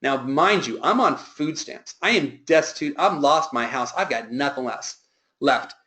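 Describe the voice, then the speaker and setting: A man's voice: mid-range voice, expressive, unhurried, pushed and bright. A man working as a sales trainer, telling an earnest, emphatic motivational story.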